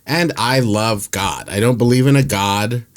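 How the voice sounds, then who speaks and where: A young man hosting a podcast, chatting casually and telling animated stories with frequent laughter. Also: medium pitch, measured pace. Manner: animated storyteller, laughs often. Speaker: podcast host. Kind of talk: casual chat.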